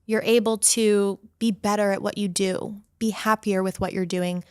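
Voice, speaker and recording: A woman's voice: mid-range voice, fairly even intonation, normal speed, smooth, dry recording. A young woman esthetician and studio owner giving upbeat advice in a casual podcast interview.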